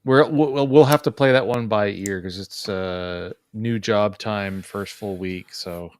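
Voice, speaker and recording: A man's voice: lowish voice, measured pace, smooth, dry recording. A man on a movie-review panel, talking in a laid-back, wry way in casual chat. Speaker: podcast panelist.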